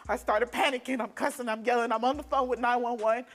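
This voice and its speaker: A young woman giving testimony as a talk show guest. Her voice sits somewhat high. She retells the events in an earnest, detailed and emphatic way. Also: steady tone, fast talker. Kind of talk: personal testimony.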